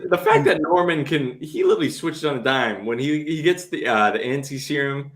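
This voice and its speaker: A man's voice: a little high, brisk, fairly bright tone. A man co-hosting a podcast in casual chat, agreeable and chiming in with short remarks. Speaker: podcast co-host.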